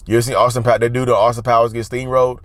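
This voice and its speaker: A man's voice: mid-range voice, flat delivery, racing, no echo. A man hosting a casual advice monologue, driving his points home by repeating key words and calling his viewers "y'all.". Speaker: mental health channel host.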